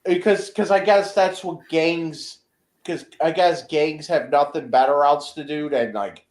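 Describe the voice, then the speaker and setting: A man's voice: a little high, roomy sound. A man telling a story in casual, profane chat, rambling and restarting often. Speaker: guest being interviewed.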